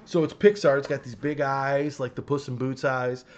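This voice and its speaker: A man's voice: medium pitch, steady tone, normal speed. A man co-hosting a casual podcast, rambling and swearing with lots of laughter. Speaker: podcast co-host. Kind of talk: casual banter.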